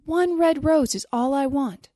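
A woman's voice: mid-range voice, fairly even intonation, normal speed, warm tone, no room sound, studio quality, lightly acted. A woman voicing a small, devoted female nightingale in a storybook reading, earnest and pleading.

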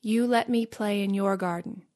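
A woman voicing a small, gentle, mysterious boy in a storybook, speaking softly and low. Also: fairly even intonation, moderate pace, lightly acted. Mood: tender.

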